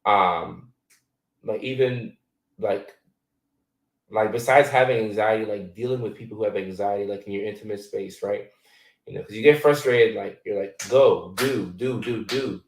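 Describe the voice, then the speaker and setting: Low-voiced man chatting casually, roomy sound. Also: normal speed, vocal fry, long pauses, distant mic. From Ghana. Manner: loose and conversational, many fillers. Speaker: host answering viewer questions. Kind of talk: casual livestream chat.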